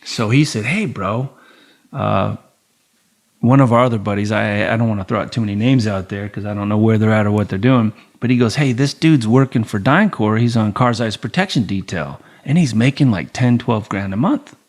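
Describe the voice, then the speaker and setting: A man's voice: lowish voice, normal speed. A man in his forties, a podcast guest telling stories casually and acting out the dialogue, with a bit of swearing. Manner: animated, acts out dialogue with quoted voices, swears casually. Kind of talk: casual storytelling interview.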